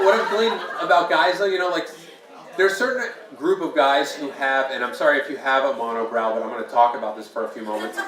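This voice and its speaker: Joking man on an echoey club stage. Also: fairly high pitch. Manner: jokey, self-deprecating, playful crowd asides. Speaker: stand-up comedian. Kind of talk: open mic stand-up set. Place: small bar open mic stage. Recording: echoey room mic from a distance. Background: audience laughing.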